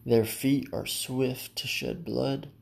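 A man's voice: medium pitch, fairly even intonation, slow pace, creaky. A man preaching a sermon in an earnest, direct way, often addressing listeners as his friend.

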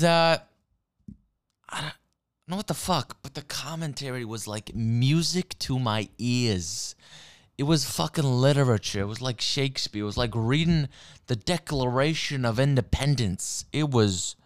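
A man delivering a rambling, profane sports rant, restarting sentences and sipping whiskey as he talks. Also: mid-range voice. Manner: rambling, heavy swearing, frequent restarts; sipping whiskey while talking.

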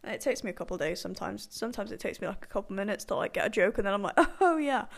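A woman's voice: medium pitch, racing, creaky. A young woman rambling in a casual chat, full of fillers and frequent laughter. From partially Irish background.

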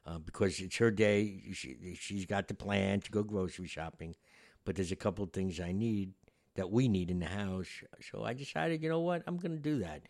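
A man's voice: deep voice, moderate pace, vocal fry, a little mellow. A man hosting a podcast, telling a story in a meandering, reflective way with many fillers. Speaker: podcast host. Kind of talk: casual storytelling.

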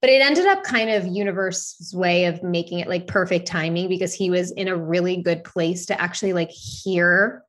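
A woman's voice: lowish voice, moderate pace, hardly any pauses. A woman in her thirties telling a personal story in casual podcast chat, candid, swearing freely and leaning on "like" fillers. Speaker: podcast co-host.

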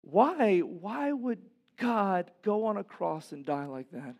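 A man preaching a sermon as pastor in a church. He is impassioned, asks the congregation rhetorical questions, and swings from loud, emphatic peaks down to hushed, low passages. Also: very animated, slow.

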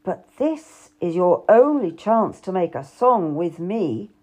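A woman's voice: fairly low pitch, very animated, slow pace, darkish tone, heavily acted. A woman voicing an arrogant, charming young male nobleman who coaxes and gives orders. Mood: coaxing. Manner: coaxing, commanding.

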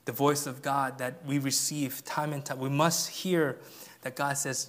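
A male pastor preaching a sermon in an earnest way, dropping to a hush and then rising to emphatic peaks. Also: mid-range voice, flat delivery, unhurried. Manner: earnest, swings from hushed to emphatic.

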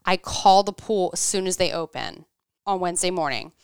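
A woman in her thirties tells a story on a podcast in an animated way, playing out each quoted line. Her voice is very smooth and crisp. The room is dry and close. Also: fairly low pitch, moderate pace, dry recording. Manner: animated, acts out quoted dialogue. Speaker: podcast co-host. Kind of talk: casual storytelling chat.

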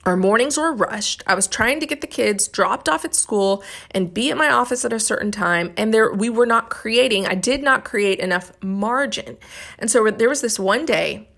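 A woman's voice: fairly high pitch, animated, moderate pace, creaky, a bit bright. A woman in her thirties hosting a podcast, telling a candid, self-critical story about her mornings as a mother. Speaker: podcast host.

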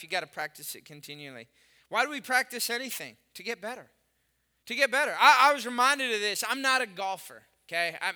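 A male pastor preaching a sermon, telling stories with lively swings between loud bursts and hushed, earnest stretches. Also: sits high. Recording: hall reverb.

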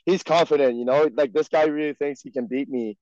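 A young man, a pro hockey player guesting on a podcast, talks in a slightly high, steady, somewhat mellow voice at a fairly quick clip. French is his first language, and his English carries a French Canadian accent as he rambles casually, full of "like" and "you know." The recording is dry, dull and lo-fi.

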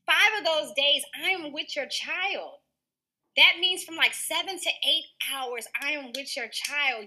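A woman in her thirties with a high voice and a very bright, sharp tone. She is a teacher answering interview questions, earnest and quick to laugh. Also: expressive. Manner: warm, earnest, laughs often.

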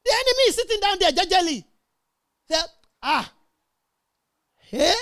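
A woman's voice: very high voice, very animated, normal speed, a bit bright. A middle-aged woman preaching a sermon, emphatic and calling out to her congregation. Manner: emphatic, call-and-response with congregation.

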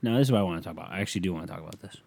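A man's voice: low voice, rapid-fire, vocal fry, darkish tone, slightly rough, no echo. A young man hosting a solo podcast, rambling through stories in a laid-back, profane way. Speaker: podcast host. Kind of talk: casual solo chat.

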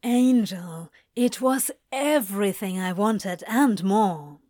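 A woman playing a wry, low-key male demon. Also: slow pace, warm tone, no room sound, studio quality, close to an everyday voice.

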